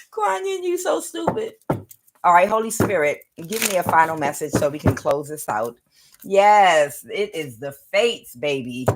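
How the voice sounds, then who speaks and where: A woman with a strained, lowered voice from a sore throat, giving a rambling spoken tarot reading full of "uh" fillers and calling her listeners "baby". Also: noisy background. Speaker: tarot reader.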